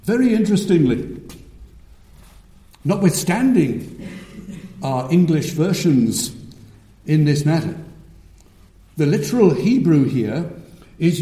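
A man preaching a sermon, measured and emphatic, with frequent restarts. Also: sits high, sing-song, mellow, reverberant.

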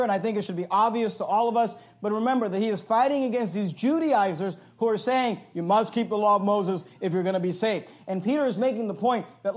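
A pastor preaching an emphatic sermon, reading verses aloud and explaining them line by line. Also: male voice, sits high, a little mellow.

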